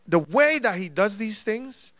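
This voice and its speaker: A male pastor preaching a sermon, telling personal stories in a lively way and acting out the dialogue in them. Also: sits high, a little slow, no echo, clean studio sound. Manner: animated storytelling, acting out quoted dialogue.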